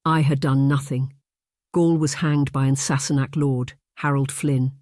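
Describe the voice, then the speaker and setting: A narrator voicing a proud, hot-headed young Highland warrior, a man with a Scottish accent who speaks in an impassioned, defiant way. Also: little pitch movement, measured pace, darkish tone, dry recording, clean studio sound, close to an everyday voice.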